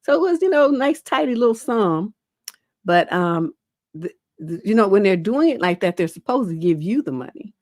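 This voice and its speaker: A woman's voice: mid-range voice, very animated, normal speed, a little mellow, dry recording, clean studio sound. A middle-aged woman relationship coach on a livestream, reading viewer questions aloud and answering them bluntly and casually, with a lingering cough. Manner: blunt, casual, peppered with "you know".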